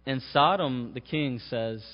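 A man's voice: medium pitch, unhurried. A man delivers a sermon in a large church hall, his voice swelling on the key phrases. The long reverb trails after each line, and the sound is a little muffled. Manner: preaching with rising emphasis on key phrases. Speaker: pastor.

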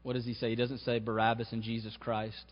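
A man's voice: mid-range voice, monotone, quick pace. A man delivers a sermon in a large church hall, his voice swelling on the key phrases. The long reverb trails after each line, and the sound is a little muffled. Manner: preaching with rising emphasis on key phrases. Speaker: pastor.

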